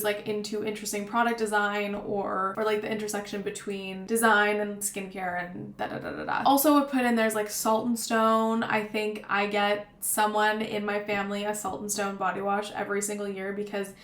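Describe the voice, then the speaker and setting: A woman's voice: medium pitch, fairly bright tone. A young woman chatting casually about gift ideas, rambling with lots of fillers. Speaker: vlogger. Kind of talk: casual gift-guide talk to camera. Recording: roomy echo.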